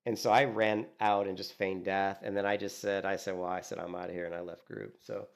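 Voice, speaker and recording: A man streaming a game, chatting casually and telling animated stories, acting out what others said and filling in with "you know" and "like". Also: low-pitched, brisk, vocal fry. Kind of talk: casual gaming stream chat.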